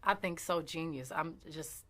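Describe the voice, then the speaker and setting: A Texan woman singer chatting softly in an interview, laughing easily. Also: low-pitched, unhurried. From Texas. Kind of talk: casual interview chat.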